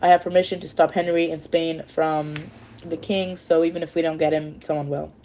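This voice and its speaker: A woman's voice: low voice, level tone, a little fast, warm tone, slight background noise, rough recording. A scheming male villain who brushes everyone off with contempt, as a woman puts him on. It comes in a casual storybook retelling. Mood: scornful. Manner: contemptuous, dismissive.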